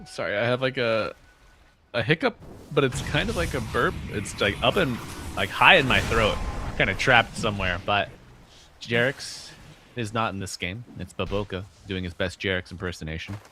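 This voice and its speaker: A man giving excitable play-by-play for an esports match, laughing often with his co-caster. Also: lowish voice, normal speed, over music. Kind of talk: live game commentary.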